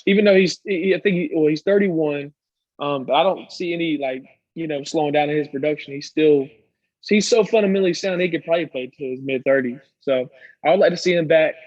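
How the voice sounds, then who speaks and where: A man's voice: fairly high pitch, brisk, a little mellow, dry recording, lo-fi sound. A man co-hosting a casual sports podcast, giving earnest opinions with many ums and restarts. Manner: earnest, lots of ums and restarts while making his case. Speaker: podcast co-host.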